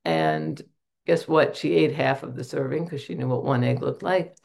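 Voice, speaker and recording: A woman's voice: a bass voice, normal speed, creaky, darkish tone, breathy edge. A middle-aged woman giving a candid, earnest personal testimony at a recovery meeting, telling stories on herself with self-deprecating humor. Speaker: member sharing at a recovery meeting.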